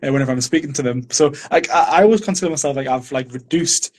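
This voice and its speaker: A man's voice: medium pitch, quick pace. A man with a Geordie accent, a podcast guest in casual chat, laughing between phrases and stumbling over his words. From Newcastle, England.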